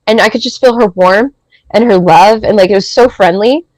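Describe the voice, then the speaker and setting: Woman in her thirties, podcast guest, chatty and animated storyteller, dry close sound. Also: mid-range voice, fast, no room sound, low-quality recording. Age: 30s. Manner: animated, rambling, heavy use of filler words. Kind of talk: casual storytelling.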